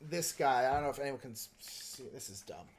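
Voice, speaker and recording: A man's voice: mid-range voice, lively intonation, a little fast. A man hosting a casual livestream, talking in a rambling, joking way with plenty of filler words. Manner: joking, self-mocking. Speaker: livestream host painting miniatures.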